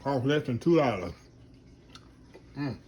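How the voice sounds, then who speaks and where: A man's voice: medium pitch, expressive, slow, dark tone. A man hosting a casual cooking vlog, chatting with his mouth full and humming "mm" between bites. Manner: chatty, talks with mouth full, murmurs "mm" while eating; Southern phrasing, says "y'all". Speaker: cooking channel host.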